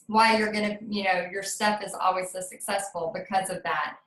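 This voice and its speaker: A woman's voice: mid-range voice, steady tone, normal speed, fairly bright tone. Effusive woman host in an echoey room. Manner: effusive, heartfelt. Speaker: podcast host. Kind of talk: conversational interview.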